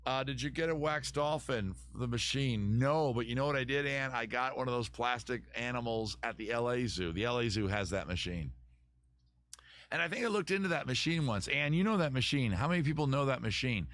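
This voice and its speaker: A man's voice: medium pitch, animated, fairly quick, fairly bright tone. A middle-aged man hosting a casual live stream, answering viewer comments in a rambling way, often restarting sentences and swearing casually.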